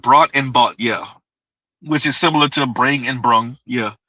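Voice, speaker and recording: Chatty, bright-voiced man on a livestream. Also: medium pitch, a little slow, no room sound, muffled recording. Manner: rambling, repeats himself, laughs often. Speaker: livestream host. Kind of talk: casual live chat reading comments.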